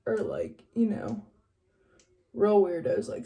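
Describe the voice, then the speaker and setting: Young West Virginia woman, loose get-ready vlog chatter, mellow voice, drifts between topics. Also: mid-range voice, slow. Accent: northern West Virginia. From West Virginia, USA. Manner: rambling, chatty, drifts off quietly. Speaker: vlogger. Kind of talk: casual get-ready-with-me chat.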